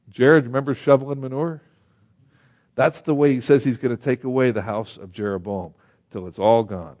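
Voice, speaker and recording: A man's voice: medium pitch, moderate pace. Man, pastor preaching, reads scripture aloud, asks rhetorical questions, muffled lo-fi recording. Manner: animated, with rhetorical questions to the congregation; reads scripture aloud in old-fashioned wording. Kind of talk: sermon Bible teaching.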